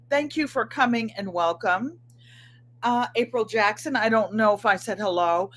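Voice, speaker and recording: A woman's voice: medium pitch, fairly bright tone. An older woman hosting a live stream, chatting casually and greeting viewers by name. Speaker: channel host.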